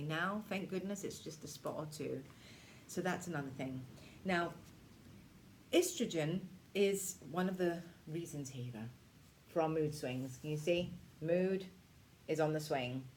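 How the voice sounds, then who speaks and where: A woman in her forties runs a relaxed self-care talk for teenagers. Her voice sits a little low, and she keeps a chatty, reassuring tone, acting out moods as she goes. A soft background noise stays under her voice throughout. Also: a little slow. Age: 40s. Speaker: self-care workshop leader. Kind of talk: casual teaching talk to teens.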